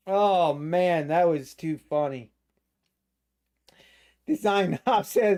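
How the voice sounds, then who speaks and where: A man's voice: high voice, very slow, pauses often, a little mellow. Laughing man hosting a trading stream. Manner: laughing, mock-panicked joking about the market. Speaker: day trading livestream host. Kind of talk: live trading stream commentary.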